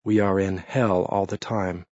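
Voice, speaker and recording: A man voicing a horrified young man's quiet inner thoughts in an audiobook reading. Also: sits low, steady tone, measured pace, no room sound. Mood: shaken inward. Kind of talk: audiobook narration. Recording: dull lo-fi dry read.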